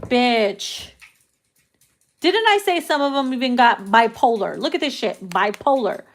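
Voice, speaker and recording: A woman's voice: fairly high pitch, animated, measured pace. A woman doing a casual tarot reading, brash and profane, laughing often as she talks. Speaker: tarot reader.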